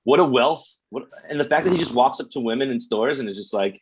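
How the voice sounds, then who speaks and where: A man on a podcast working through his notes in a relaxed, amused way. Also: mid-range voice, fast talker, breathy edge. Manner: easygoing, reads from his notes, laughs often. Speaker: podcast guest. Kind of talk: casual chat.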